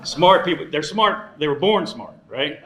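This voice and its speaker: A man's voice: a little high, animated, unhurried, bright, forceful tone, reverberant. A man in his sixties giving a joking dinner speech as emcee, teasing the audience between thank-yous. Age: 60s. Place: large banquet room.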